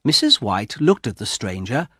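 A man narrating a graded-reader audiobook, slowly and with clear, expressive delivery on a close mic. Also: medium pitch, no room sound. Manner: slow, clearly articulated, expressive.

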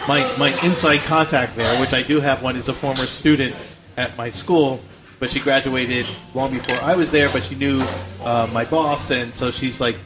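A man's voice: normal speed, noisy background. A man co-hosting a talk show, telling a story in casual chat and acting out the quotes with animation. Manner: animated, acts out quotes, rises in pitch when excited. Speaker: podcast co-host. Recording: music playing loudly behind.

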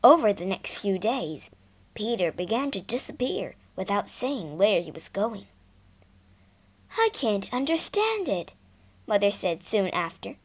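A woman narrating a children's storybook slowly and expressively. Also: mid-range voice, slightly rough. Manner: slow and expressive.

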